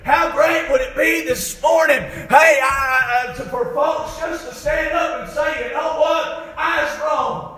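A man preaches a fiery sermon, his voice pitched very high as he shouts and then sinks to a low, soft tone. The sound rings through a very echoey church hall. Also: fairly even intonation, unhurried, hardly any pauses. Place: church sanctuary.

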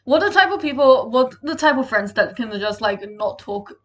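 A woman's voice: fairly high pitch, expressive, normal speed, highs cut off. A young woman from England co-hosting a casual podcast, blunt and sweary, laughing often as she chats with a friend. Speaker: podcast co-host. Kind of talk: casual chat.

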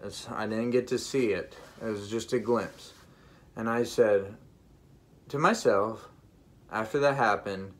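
A man earnestly telling a personal spiritual testimony straight to his viewers, emphatic and halting with frequent restarts. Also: lowish voice. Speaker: vlogger sharing a vision.

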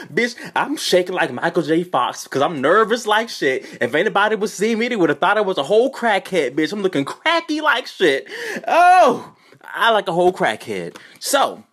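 Animated cussing storyteller woman. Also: lowish voice, moderate pace. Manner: profane, animated, loud exclamations. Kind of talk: comedic storytime.

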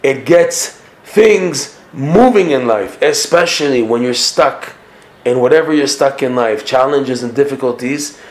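Casting note: male Torah teacher, mid-pitched voice, emphatic and repetitive delivery, roomy echo. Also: unhurried. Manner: earnest, emphatic, repeats and rephrases points. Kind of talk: Torah lesson.

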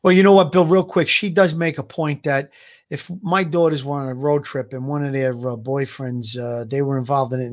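A man co-hosting a casual live-stream chat, talking things through in a conversational way. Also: mid-range voice. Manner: conversational, thinks aloud with fillers. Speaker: co-host.

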